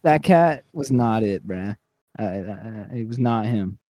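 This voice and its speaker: A young man chatting casually with a friend, animated and slangy, throwing in jokes. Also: on the low side, unhurried. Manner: animated, joking interjections, slangy. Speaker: podcast co-host. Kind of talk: casual chat.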